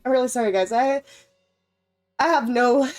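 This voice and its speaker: A woman's voice: high-pitched, normal speed, faint music behind. A woman game streamer chatting casually to her viewers, emotional and stammering, often laughing as she talks. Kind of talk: casual live-stream chat.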